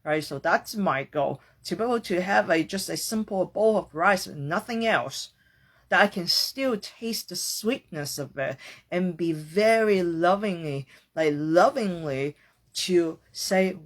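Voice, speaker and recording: A woman's voice: lowish voice, animated, measured pace, fairly bright tone. A woman hosting a podcast, talking through a reflective personal monologue in an earnest, searching way, casual and with the odd swear word. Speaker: podcast host.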